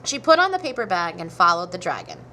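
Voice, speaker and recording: A woman narrating a children's storybook with an animated, expressive read. Her voice swings widely in pitch and has a bright, forward tone, with faint background noise behind it. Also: fast. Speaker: storybook reader.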